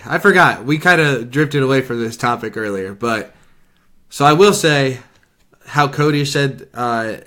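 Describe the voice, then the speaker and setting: A man's voice: mid-range voice, a bit bright. A young man co-hosting a casual podcast, jokey and profane as he chats with a friend. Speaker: podcast co-host. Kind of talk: casual chat over beers.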